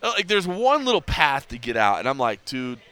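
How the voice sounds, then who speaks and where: A man's voice: fairly high pitch, wildly swooping pitch, fairly quick, pushed and bright, clean tone. A man hosting a podcast, telling a story in casual chat and acting out the dialogue with lots of energy. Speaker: podcast host.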